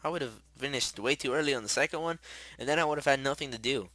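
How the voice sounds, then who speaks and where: A young man giving rambling, excitable commentary while playing a video game. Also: mid-range voice, fast talker, no echo, clean studio sound. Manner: chatty, rambling, excitable, shouts when startled. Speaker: gamer. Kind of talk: casual gameplay commentary.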